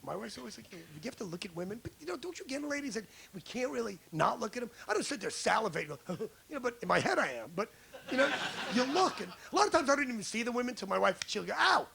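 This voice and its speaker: Brash high-voiced American comedian. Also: male voice, sing-song, quick pace, gravelly. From United States. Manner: brash, crude, riffing with the crowd. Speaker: stand-up comedian. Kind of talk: stand-up routine. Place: comedy club stage.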